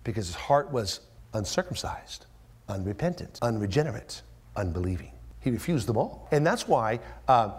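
A man preaching a verse-by-verse sermon as pastor, dropping to hushed whispers and then rising into loud, high-pitched emphasis as he acts out the voices in the text. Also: very animated, moderate pace, breathy edge. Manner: acts out quoted voices with strong pitch jumps. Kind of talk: expository sermon.

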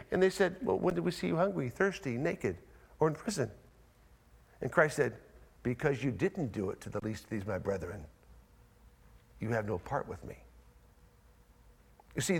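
A man preaching a sermon to a church congregation, emphatic and repetitive, moving between soft, low asides and loud, high declarations. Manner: emphatic preaching with repetition and rising, falling pitch. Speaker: pastor. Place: church sanctuary.

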